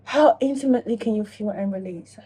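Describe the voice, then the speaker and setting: A woman talking casually to camera in a self-reflection vlog, animated and profane, acting out her own inner dialogue. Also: medium pitch, fairly quick, breathy edge. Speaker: vlogger.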